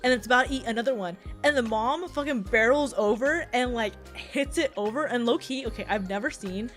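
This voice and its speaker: A young woman VTuber streamer in casual, animated livestream chat, swearing and laughing often with lots of fillers. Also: fairly high pitch, brisk, soft background music.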